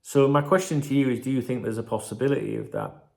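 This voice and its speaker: A man's voice: mid-range voice, fairly even intonation, quick pace, warm tone. A man hosting a football channel, ranting and rambling in casual, sweary banter.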